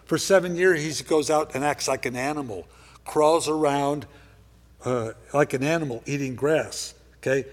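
A male pastor preaching a sermon. He talks conversationally, checks in with "okay?", and swings from loud emphasis to quiet asides. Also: on the high side. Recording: reverberant hall.

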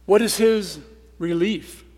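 High-voiced man preaching in echoing hall. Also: slow. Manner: earnest, swings between loud emphasis and quiet, soft asides. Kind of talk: sermon. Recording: long reverb of a large hall.

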